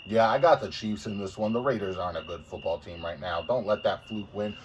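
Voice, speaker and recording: A man's voice: on the low side, brisk. A man co-hosting a laid-back sports podcast. He talks in a blunt, joking way and swears casually. He sounds a bit far from the mic, with faint noise underneath. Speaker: podcast co-host.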